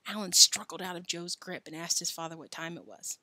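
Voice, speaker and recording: A woman reading a children's novel aloud in an animated, expressive way. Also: on the low side, fairly quick, dry recording. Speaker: reader.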